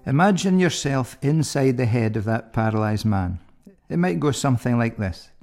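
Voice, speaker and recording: A man's voice: medium pitch, animated, moderate pace, vocal fry, darkish tone, faint music behind. A man presenting and introducing Bible readings in a plain, conversational manner. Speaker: radio presenter.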